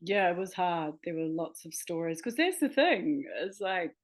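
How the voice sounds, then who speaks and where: A New woman talks as a guest on an interview show, her voice sitting a little low for a woman. She sounds enthusiastic and laughs easily, and she sometimes hunts for the right word mid-sentence. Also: big pitch swings, moderate pace. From New Zealand. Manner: enthusiastic, laughing, searching for words. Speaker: guest, healer and author. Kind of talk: casual interview chat.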